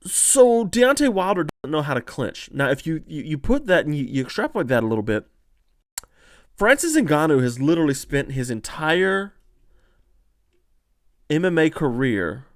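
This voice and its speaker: A man hosting a casual fight-analysis stream, reading chat comments and talking in an animated way with lots of fillers and restarts. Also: on the high side, no echo, clean studio sound. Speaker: podcast host analyzing fights.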